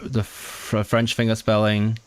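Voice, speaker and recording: In a fairly low, smooth voice with a completely flat delivery, a man streams his language study session. Working out what is being signed, he thinks aloud haltingly, restarting words and putting puzzled questions to himself.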